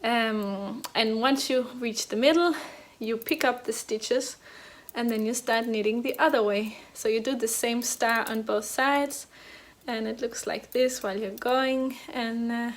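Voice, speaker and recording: Young woman chatting about knitting at home, rambly, kinda high voice. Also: steady tone, a little slow. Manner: chatty, rambling, many fillers and restarts. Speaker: knitting podcast host. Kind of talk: casual chat.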